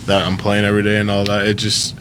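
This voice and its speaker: A young man in his twenties, a college baseball player, giving a relaxed, casual interview. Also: lowish voice, fast talker, background noise. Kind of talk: sports interview.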